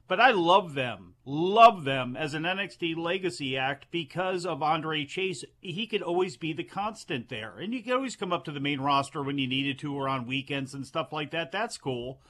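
A man's voice: fairly high pitch, pushed and bright. A man co-hosting a radio talk show, giving his opinions emphatically. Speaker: radio co-host.

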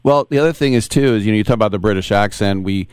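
A man hosting a sports radio show from the studio, quick and chatty, asking rambling questions. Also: on the low side, clean tone, dry recording. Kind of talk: radio interview.

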